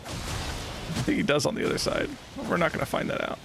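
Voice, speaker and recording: Laid back guy streaming a game, gravelly voice, slow and jokey, noisy mic. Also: a little high, steady tone, fairly bright tone. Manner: playful, laughing, teasing the game. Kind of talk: casual live gameplay commentary.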